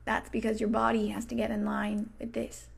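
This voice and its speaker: A woman's voice: mid-range voice, monotone, moderate pace, creaky, husky. A woman hosting a self-help podcast, talking casually and swearing freely. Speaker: podcast host. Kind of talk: motivational self-help talk.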